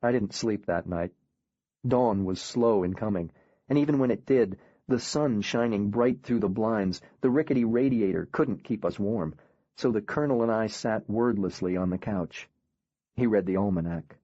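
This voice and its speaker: A man reading a first-person audiobook in a quiet, grave, measured way. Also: fairly low pitch, no echo, lo-fi sound. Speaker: audiobook narrator.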